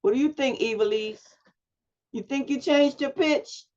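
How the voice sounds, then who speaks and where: A woman's voice: sits high, normal speed, a little mellow. A woman teaching a public speaking class over a video call, prompting students with questions and giving feedback. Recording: dull lo-fi video call audio.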